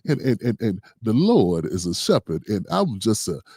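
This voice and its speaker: A man mocking a pompous, smooth-talking male preacher in a slow, unctuous, falsely humble voice. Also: fairly low pitch, very animated, dark tone, no room sound, clean studio sound, voice pushed down.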